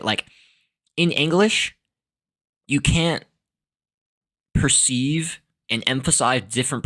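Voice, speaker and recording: A man's voice: mid-range voice, a bit bright. A young man giving a casual, rambling solo talk as a podcast host, full of fillers, restarts and laughs. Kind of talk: casual monologue on language and philosophy.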